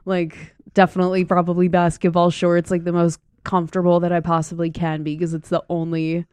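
A woman's voice: lowish voice, completely flat delivery, fairly quick, a little mellow, smooth, no echo. A young woman chatting casually, telling stories and acting out kids' voices in quotes. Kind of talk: casual chat.

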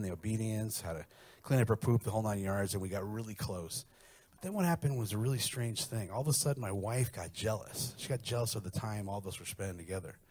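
A middle-aged man doing a stand-up set with brash, profane, animated storytelling. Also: fairly low pitch, slightly rough. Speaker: stand-up comedian.

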